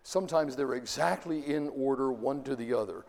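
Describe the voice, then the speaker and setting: A man's voice: medium pitch, moderate pace, creaky, hardly any pauses, darkish tone, long reverb tail. A man giving a classroom lecture, explaining step by step and asking his students questions as he goes. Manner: explanatory, stops often to ask the class.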